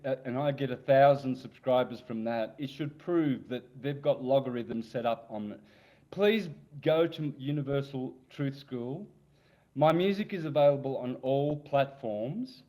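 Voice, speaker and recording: A man in his sixties, a podcast guest telling rambling, animated anecdotes. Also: medium pitch, normal speed. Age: 60s. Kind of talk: casual storytelling interview.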